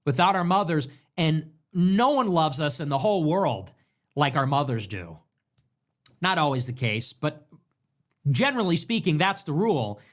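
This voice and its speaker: Man with a lively, swooping voice. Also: a little high, moderate pace. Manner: emphatic, repetitive, rhetorical questions. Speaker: show host. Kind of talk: political commentary monologue.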